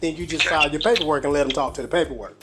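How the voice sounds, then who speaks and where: A man's voice: fairly high pitch, racing, very noisy. A man hosting a recorded call, talking in a casual, emphatic, slangy way. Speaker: channel host.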